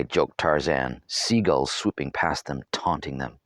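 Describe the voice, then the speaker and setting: A man's voice: rumbling low, measured pace, a bit bright, no room sound, studio quality. A man reading his own novel aloud as storybook narration, with wry, humorous asides.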